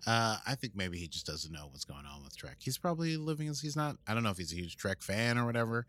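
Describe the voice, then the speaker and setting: Lively, jokey American podcast co-host. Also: male voice, quick pace. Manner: jokey, rambling, lively pitch. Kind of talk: casual chat.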